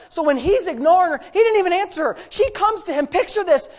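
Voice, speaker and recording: Animated throughout, a preacher shifts from quiet, low asides to loud, high-pitched shouts and stretches his emphatic phrases out.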